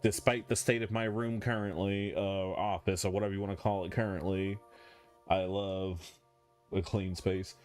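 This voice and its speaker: A man's voice: low-pitched, level tone, normal speed. A man streaming a game, chatting in a rambling, self-mocking way from his room at home. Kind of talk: casual chat while playing. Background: game music.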